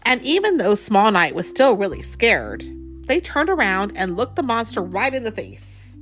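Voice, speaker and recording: A woman reads a picture book aloud at home to a child, her voice rising and falling with lively movement. She stops often to chat and ask questions. Faint music plays in the background. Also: medium pitch, normal speed. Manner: chatty, asks the child questions. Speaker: parent reading to a child.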